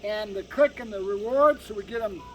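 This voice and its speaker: High-voiced male dog trainer, distant mic. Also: moderate pace, fairly bright tone, highs cut off. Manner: emphatic, lecturing, often ends points with "right?". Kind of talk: explaining dog training to owners. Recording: distant mic with faint background noise.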